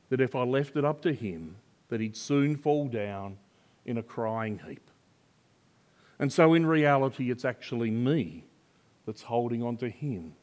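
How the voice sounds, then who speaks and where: Older male pastor preaching; unhurried, earnest, rising to strong emphasis. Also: medium pitch, a little mellow. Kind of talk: sermon.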